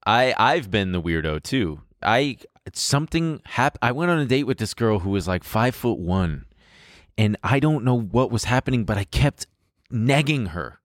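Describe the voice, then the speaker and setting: A man's voice: on the low side, normal speed, no room sound, clean studio sound. A man chatting casually, cracking jokes and telling a dating story with quoted voices. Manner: joking interjections and animated storytelling with impressions. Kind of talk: casual podcast chat.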